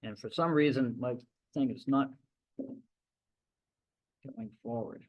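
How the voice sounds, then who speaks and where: A man's voice: mid-range voice, takes it slowly, dull audio. Man telling voyage stories at a talk. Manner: conversational storytelling with restarts. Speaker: ship captain giving a public talk. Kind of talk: anecdotal lecture. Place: library event room.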